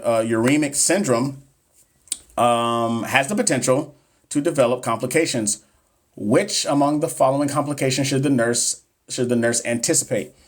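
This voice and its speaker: Joking man in his thirties hosting a live stream. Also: medium pitch. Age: 30s. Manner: joking, chatty, talks straight to viewers, stumbles on medical terms. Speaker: nursing exam coach streaming live. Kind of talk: casual live-stream chat reading exam questions.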